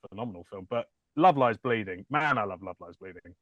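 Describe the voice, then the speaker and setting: A man co-hosting a casual film-review podcast, talking with jokey enthusiasm and quick tangents. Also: on the low side, lively intonation, no room sound, narrow, tinny audio. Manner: enthusiastic, jokey, slips into silly put-on voices. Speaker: film magazine writer and podcast co-host.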